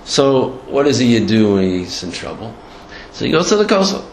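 A man giving a storytelling Torah lecture in a halting way, with many restarts and Hebrew and Yiddish terms. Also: mid-range voice, very animated. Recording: echoey room, faint background noise.

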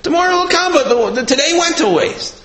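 A man's voice: high-pitched, measured pace, fairly bright tone, pitched above the performer's own voice. A man voicing a poor, distraught mother who is crying bitterly as she pleads. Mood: tearful. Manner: tearful, pleading. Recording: roomy echo.

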